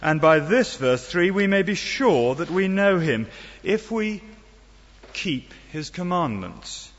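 Preaching slowly with big swings in pitch, a middle-aged man with a high voice gives an earnest sermon full of wry asides and rhetorical questions. It was recorded in a church, where the sound comes out dull in a long-reverb hall.

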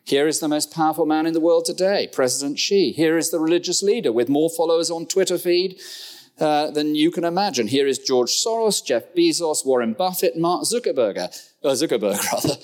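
A middle-aged man preaching a sermon in a church, with humorous asides and sudden jumps in pitch.

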